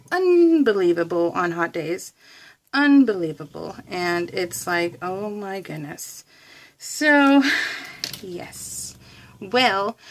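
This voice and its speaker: A woman craft vlogger tells a rambling, chatty story in a casual voice-over, often laughing and poking fun at herself. Her voice is fairly low, and there's a little hiss or hum.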